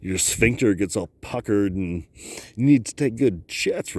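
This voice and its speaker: A man rambling to his camera outdoors on a cold high lookout, laughing often and talking to himself. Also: normal speed, a little mellow. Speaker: vlogger. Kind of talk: casual rambling vlog.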